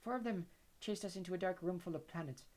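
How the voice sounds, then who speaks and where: A man voicing a calm, dreamy teenage witch girl in an audiobook reading. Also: high-pitched, fast talker, pitched above the performer's own voice.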